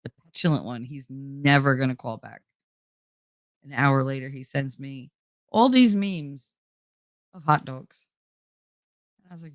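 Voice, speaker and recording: A woman's voice: rumbling low, unhurried, long pauses, no echo, clean studio sound. A woman hosting her own show, chattily retelling a story and quoting what was said, while feeling unwell. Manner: chatty, animated retelling with quoted dialogue. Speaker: host. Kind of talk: casual storytelling chat.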